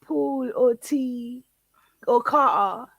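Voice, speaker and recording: A woman calling in as a guest on a live stream, chatting in a relaxed, agreeable way. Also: a little high, drawn-out words, gravelly, no echo. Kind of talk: casual live-stream chat.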